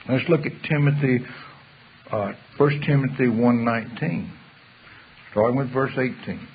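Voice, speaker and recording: Brief: male preacher, gravelly voice, reads verses then talks them through plainly, tinny lo-fi recording with faint hiss. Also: mid-range voice, moderate pace, pauses often. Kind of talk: sermon with scripture reading. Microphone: pulpit microphone.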